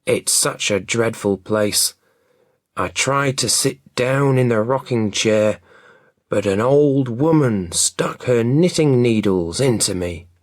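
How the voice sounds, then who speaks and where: Man reading scared robber, breathless, slow, low-pitched, dry storybook read. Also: no room sound, close to an everyday voice. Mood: frightened. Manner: rushed, fearful complaining. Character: frightened male robber, breathless and shaken.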